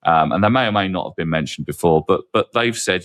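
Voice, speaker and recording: Deep wry man, podcast host, candid rambling chat. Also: fairly quick, a bit bright. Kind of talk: casual panel chat.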